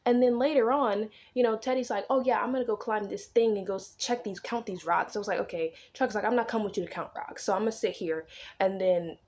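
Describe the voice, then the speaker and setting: Woman, casual book vlog, chatty, animated retelling, swears freely, mid-pitched voice. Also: quick pace. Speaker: vlogger recapping a book.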